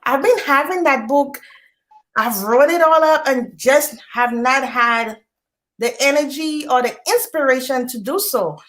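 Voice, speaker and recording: A woman author as an interview guest, talking in a warm, grateful, emotional way. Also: high-pitched, unhurried. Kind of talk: live online interview.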